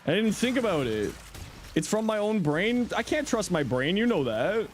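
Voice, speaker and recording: A man's voice: sits high, big pitch swings, moderate pace, slight background noise. A middle-aged man chatting casually on his livestream, answering chat in a playful, teasing way and laughing often.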